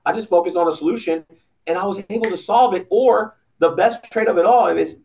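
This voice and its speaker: A man's voice: high-pitched, fairly quick, gravelly, a little mellow, rough recording. A man talking casually and bluntly as a podcast guest, giving motivational advice and swearing freely. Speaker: podcast guest, business owner.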